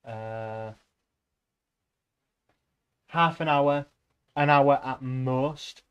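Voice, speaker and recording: A man's voice: medium pitch, smooth. A young man streaming, chatting to viewers in a rambling, offhand way and swearing casually. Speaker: livestreamer.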